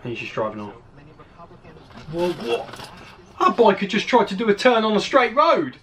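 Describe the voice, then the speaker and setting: British male host, excitable crash-video reactor, high and animated voice. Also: normal speed. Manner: excitable, exclaiming, gasping at each clip. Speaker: channel host.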